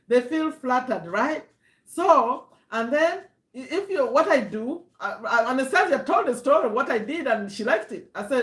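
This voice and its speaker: A woman's voice: sits high, big pitch swings, moderate pace, roomy sound, poor audio. A woman hosting a live stream lesson, chatty, repeating herself and quizzing her audience. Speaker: host teaching online marketing.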